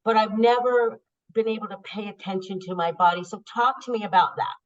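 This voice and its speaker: A woman hosting a podcast, chatting casually and warmly telling a story, openly emotional. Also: medium pitch, fairly quick. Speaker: podcast host. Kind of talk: casual interview chat. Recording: dull lo-fi sound.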